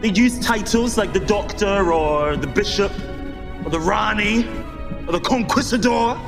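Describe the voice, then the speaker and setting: An actor playing the Doctor, an easygoing, friendly time-travelling alien, with music behind. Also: male voice, high voice, measured pace, gravelly. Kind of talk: TV drama acting.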